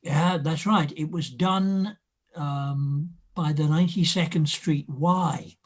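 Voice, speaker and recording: A man's voice: a little high, steady tone. A man from Scotland who talks with a polished RP English accent, chatting casually and telling anecdotes. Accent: RP English with Scottish roots. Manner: chatty, anecdotal, slows for quoted lines. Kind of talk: casual chat on a video call.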